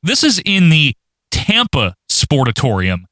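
Animated, bright-voiced man recapping wrestling. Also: a little high, measured pace, no echo. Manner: laughs often, playful, animated recapping. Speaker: podcast co-host. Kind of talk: casual wrestling recap chat.

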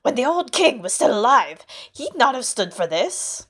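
A woman's voice: on the high side, sing-song, normal speed, a bit bright, voice pushed up. A woman reading aloud as an old male peasant, hissing and outraged. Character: old male peasant, bitter and loyal to the old king.

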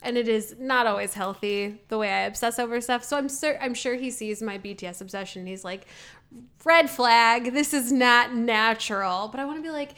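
High-pitched lady podcaster, excitable, laughs a lot, chatty. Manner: excitable, laughs often, quick asides. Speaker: podcast co-host. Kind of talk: casual chat.

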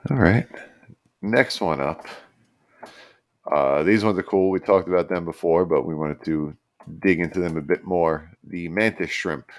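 A podcast co-host with a low voice and a measured pace shares animal facts in a laid-back, loose manner during casual chat.

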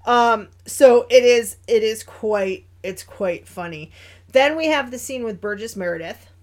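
Reviewing a film in easy podcast chat, this female co-host is animated and quick to laugh. She speaks unhurriedly in a voice that's a touch high.

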